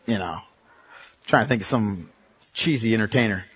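A male pastor preaching a sermon, emphatic and direct, dropping from loud bursts to a hush and checking in with his congregation. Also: medium pitch, animated, brisk, long pauses, slightly rough. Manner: emphatic, swings between loud outbursts and hushed stretches; talks straight to the congregation, checking in often.

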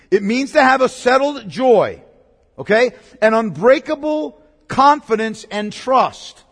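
A man's voice: high-pitched, a bit bright. A man preaching a sermon in an emphatic way, repeating key words and asking the congregation questions. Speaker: pastor. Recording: long reverb of a large hall.

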